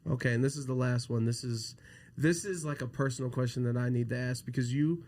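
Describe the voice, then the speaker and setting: A man's voice: mid-range voice, steady tone, fairly quick, a little mellow. A man interviewing a guest, playful and joking, upbeat as he wraps up. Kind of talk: casual interview. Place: event venue in Las Vegas.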